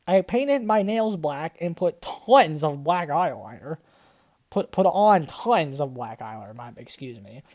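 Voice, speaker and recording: A woman's voice: on the low side, darkish tone. A young woman, a graduate student, reads a story aloud and breaks off into exasperated, swearing commentary full of "like" and laughter. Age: young adult. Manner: exasperated, swearing, filler-heavy, frequent laughter. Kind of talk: comedic dramatic reading with commentary.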